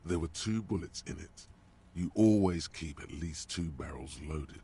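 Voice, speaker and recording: An actor voicing the sardonic inner voice of a detective's mind as game narration. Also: male voice, rumbling low, unhurried, dark tone, breathy edge, heavily acted.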